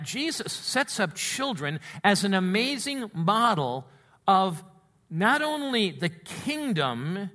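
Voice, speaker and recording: A man preacher explaining a Bible passage in a conversational, animated way and reading scripture aloud. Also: high-pitched. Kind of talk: sermon.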